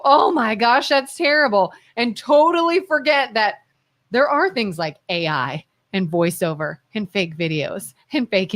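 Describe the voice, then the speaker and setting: A woman co-hosting a local talk radio show, telling stories in a lively, chatty way and quoting people she talks about. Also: on the high side. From Ohio. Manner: animated storytelling, quotes others in voices. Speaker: co-host. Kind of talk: casual talk radio chat.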